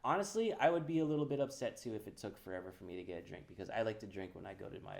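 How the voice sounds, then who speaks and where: Man, comedy podcast co-host, low gravelly voice, rambling casual story, lots of ums and likes. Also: rapid-fire. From California. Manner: rambling with many fillers and restarts.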